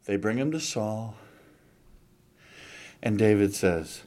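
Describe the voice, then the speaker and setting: A man's voice: fairly low pitch, takes it slowly, long pauses, a little mellow. A man preaching a sermon, retelling a scripture story dramatically and animatedly.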